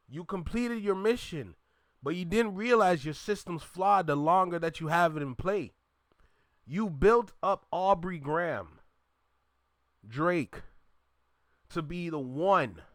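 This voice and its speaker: A man's voice: fairly high pitch, fairly bright tone, no room sound. Emphatic man in a dry room. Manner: emphatic, preachy, addresses listeners as y'all. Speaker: reaction channel host. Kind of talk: reaction commentary.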